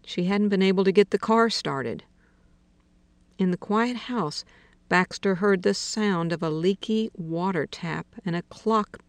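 A woman narrates a literary story at an unhurried, deliberate pace. Her voice sits low and carries a gravelly fry. The recording is close and dry, with no room sound. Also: dry recording. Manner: slow, measured reading, softening to a hush for intimate dialogue. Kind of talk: audiobook narration of literary fiction.

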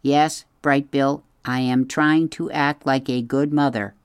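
Male reader as gentle formal robot mom, storybook, dry close sound. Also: mid-range voice, clear, resonant tone, no echo, pitched above the performer's own voice, close to an everyday voice. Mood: polite. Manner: formal, even, measured speech. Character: calm polite female robot mother.

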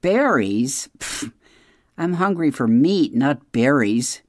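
A sly, hungry storybook fox with a sneer in every line, as a reader puts him on, pitched a bit higher and louder than the narration. The voice swings lively up and down, close and dry. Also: slow, dry recording. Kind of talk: storybook read-aloud.

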